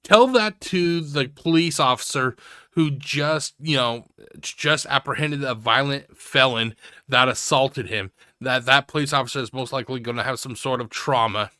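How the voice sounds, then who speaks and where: A man's voice: mid-range voice, normal speed, sharp tone, clear, resonant tone, no echo, studio quality. A man giving mocking reaction commentary, sarcastic and ranting, swearing heavily. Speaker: commentary host.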